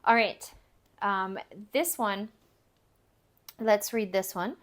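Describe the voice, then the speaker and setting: Slow, patient woman teaching phonics. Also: mid-range voice. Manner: patient, explains step by step, models sounds; repeats example words slowly. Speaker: language teacher. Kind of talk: recorded phonics lesson.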